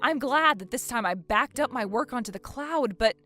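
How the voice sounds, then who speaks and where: A woman's voice: a little high, expressive, moderate pace, bright, forceful tone, faint music behind. A woman playing a fed-up, exasperated wife in a dramatized story, talking indignantly. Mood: frustrated.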